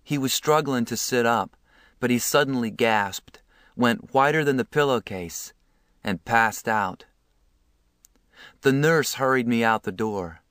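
A man narrating a novel aloud in a measured, earnest voice. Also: mid-range voice, fairly bright tone, clean tone, dry recording, studio quality. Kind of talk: audiobook reading.

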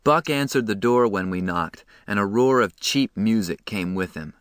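A man narrating a novel in the first person, steady and storytelling. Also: lowish voice, normal speed, smooth, no room sound, studio quality. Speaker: audiobook narrator.

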